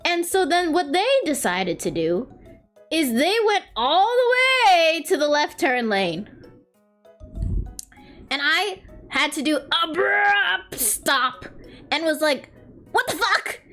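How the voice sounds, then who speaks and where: A young woman streamer with a high, bouncy voice that swoops up and down as she tells rambling, self-mocking stories. She chats casually while drawing, and faint music plays behind her. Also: big pitch swings, slow pace, fairly bright tone.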